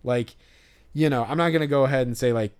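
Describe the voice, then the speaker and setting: A man's voice: medium pitch, fast talker, clean tone. A man co-hosting a podcast, telling a story in a rambling, casual way with lots of fillers and restarts. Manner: mimics other fans in a raised voice. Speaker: podcast co-host. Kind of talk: casual chat.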